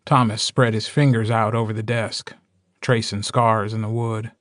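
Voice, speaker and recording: A man narrating an audiobook in the first person with a steady, even storytelling manner. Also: fairly low pitch, moderate pace, no room sound, studio quality.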